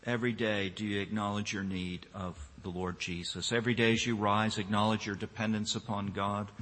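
A man's voice: on the low side, level tone, brisk, fairly bright tone. A man preaching a sermon to his congregation and closing in prayer, speaking earnestly and building up emphasis. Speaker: pastor. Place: church. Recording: long reverb of a church hall.

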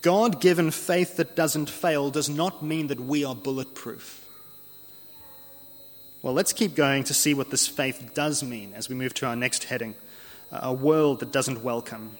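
A man preaching an earnest expository sermon, slowing down to read scripture aloud. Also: mid-range voice, steady tone. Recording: long hall reverb.

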